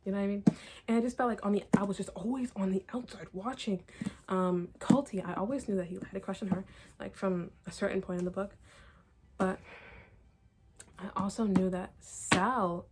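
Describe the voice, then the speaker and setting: At home, a young woman with a mid-range voice gives a casual, exasperated book review, with background noise audible. She talks fast, laughing and using lots of fillers.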